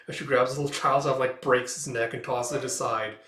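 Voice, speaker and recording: A man talks his way through a comic book in a loose, chatty manner, with lots of filler words. His voice sits at a middle pitch and carries the echo of a roomy space. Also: fairly even intonation, a little fast, hardly any pauses, a bit bright. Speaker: comic reader and reviewer. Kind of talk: casual comic read-through.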